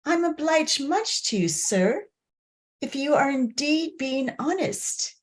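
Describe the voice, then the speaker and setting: A woman's voice: high voice, lively intonation, slow. A woman reading the part of a naive, trusting young peasant girl who speaks in rustic, broken grammar in a play reading over a video call. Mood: shy. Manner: rustic ungrammatical speech, hesitant.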